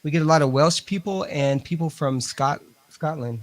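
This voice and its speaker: Chatty man, fairly high voice. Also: normal speed, no room sound. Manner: talks to spirits and equipment, chatty. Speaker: guest, ghost hunter. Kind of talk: casual radio show chat.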